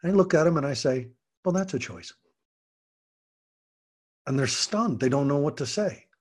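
Speaking fast and animatedly in a slightly high, husky voice, a middle-aged podcast host delivers a monologue of earnest parenting advice. He acts out lines from children and parents. He works as a parenting coach and martial arts teacher.

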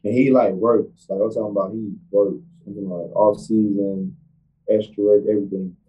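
A young man, a college football player, answering interview questions in a halting, casual way, often restarting his sentences. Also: on the low side, level tone, dark tone, dull audio. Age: young adult.

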